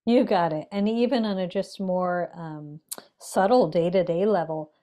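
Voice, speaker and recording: Woman, meditation teacher, podcast guest, lowish pitch, warm dark tone, gentle measured speech. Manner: measured and gentle, with many pauses and fillers. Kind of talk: reflective conversational teaching.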